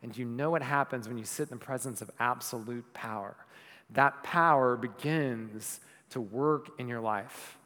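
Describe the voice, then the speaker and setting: A man's voice: medium pitch, normal speed. Preaching man in a reverberant church. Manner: swings from loud emphatic preaching to soft hushed speech. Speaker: pastor. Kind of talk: sermon.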